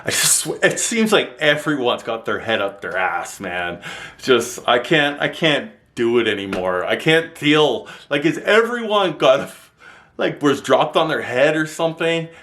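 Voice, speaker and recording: A man ranting to camera in a vlog, telling stories in an exasperated, sweary, animated way, filmed with a handheld camera mic. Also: mid-range voice, unhurried. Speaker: vlogger.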